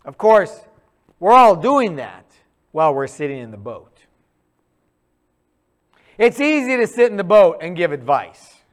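A man preaching a sermon in a conversational, animated storytelling way, acting out quick asides. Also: sits high.

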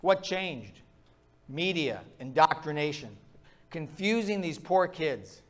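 Male pastor, fiery sermon delivery, high-pitched voice, rants from the pulpit. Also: big pitch swings, takes it slowly. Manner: impassioned, ranting, pounding the pulpit.

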